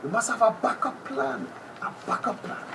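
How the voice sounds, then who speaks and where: A man doing an impression of a brash, boastful male TV personality, with a theatrical, drawn-out delivery that drops to whispers. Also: very high-pitched, vocal fry, pitched above the performer's own voice, heavily acted. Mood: knowing. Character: brash boastful male TV personality, self-proclaimed top predator. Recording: noisy background ambience.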